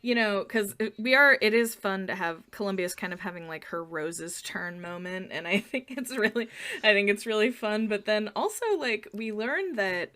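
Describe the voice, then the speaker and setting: A woman's voice: mid-range voice, normal speed. A woman co-hosting a podcast in casual chat, laughing often as she talks. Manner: giggly, animated, laughs often. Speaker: podcast co-host.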